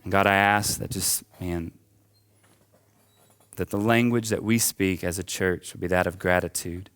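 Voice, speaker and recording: Deep-voiced man preaching with fervor. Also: fairly even intonation, unhurried, a bit bright, smooth. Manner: impassioned, rising and falling preaching with casual asides. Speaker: pastor. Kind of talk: sermon. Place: church auditorium.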